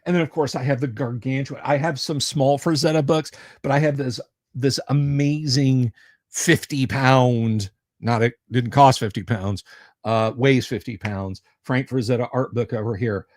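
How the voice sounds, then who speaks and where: A man's voice: mid-range voice, steady tone, moderate pace, darkish tone, no echo, studio quality. A man hosting a casual livestream, chatting with viewers in a rambling, jokey way. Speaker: livestream host.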